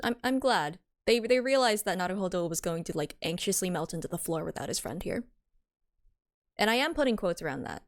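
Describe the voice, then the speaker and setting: A woman's voice: fairly low pitch, lively intonation, brisk. A woman streamer chatting casually in giggly, chatty asides while she voices a game. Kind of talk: casual stream chat between read lines.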